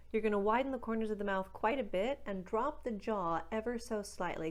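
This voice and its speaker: A woman coaching an accent, explaining mouth positions and demonstrating vowel sounds slowly and deliberately. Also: medium pitch. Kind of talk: instructional accent lesson.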